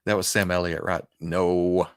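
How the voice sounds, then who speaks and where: Man, Southern US accent, fairly low voice, rambling livestream chat, frequent chuckles, self-deprecating. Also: expressive, moderate pace, fairly bright tone. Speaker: podcast host. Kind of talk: casual livestream chat with viewers.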